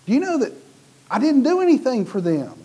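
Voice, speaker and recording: A man's voice: extremely high pitch, fairly quick, husky. A middle-aged man from the United States preaching a sermon in a conversational way, acting out the voices of the people in his stories. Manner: animated, acts out quoted voices. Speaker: pastor.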